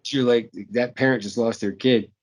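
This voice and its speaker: A man's voice: mid-range voice, fairly even intonation, moderate pace. Rambling, cussing man discussing movies. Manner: rambling and profane, repeats himself, frequent fillers. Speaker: podcast co-host.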